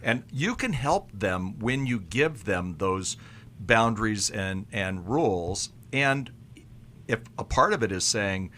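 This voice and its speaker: A man with a low but bright, forceful tone, encouraging and reassuring a caller on an advice show. Faint background noise is heard behind him. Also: expressive, slow pace. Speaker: co-host counselor. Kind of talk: radio advice talk.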